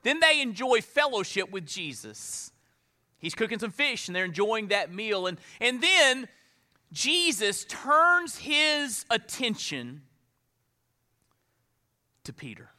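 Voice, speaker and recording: A man preaching a sermon in a high, very bright voice. He presses points with lifted emphasis, then slows and sinks to hushed tones to let a line land. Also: big pitch swings. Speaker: pastor.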